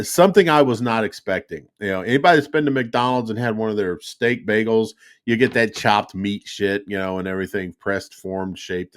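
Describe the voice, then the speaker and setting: Profane, animated middle-aged man. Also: fairly low pitch. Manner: profane, animated storytelling with laughs. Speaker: podcast host. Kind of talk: casual chat.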